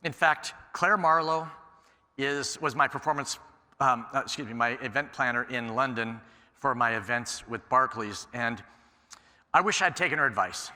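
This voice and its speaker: A man giving a conference keynote, telling stories in an animated way and acting out the dialogue. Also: mid-range voice, moderate pace. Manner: animated storyteller, acts out quoted exchanges. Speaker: keynote speaker. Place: large conference hall. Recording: echoey hall sound.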